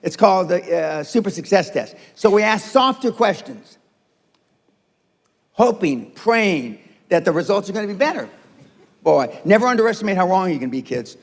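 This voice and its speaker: A man's voice: high voice, very animated, moderate pace, creaky, long reverb tail. An older man giving a blunt, profane and confrontational seminar speech to a live audience. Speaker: motivational speaker. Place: seminar room.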